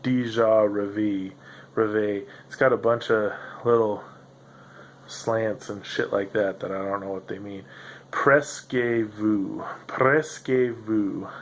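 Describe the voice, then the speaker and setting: This solo podcast host speaks slowly in a low voice with little pitch movement, rambling loosely and profanely and laughing frequently. He records in a home room with a noisy computer whose fan grinds in the background, adding slight background noise.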